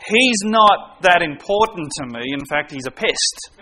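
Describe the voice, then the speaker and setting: A man's voice: high voice, lively intonation, unhurried, pushed and bright. A man preaching a sermon, earnest, making his points with everyday stories and direct questions to the congregation.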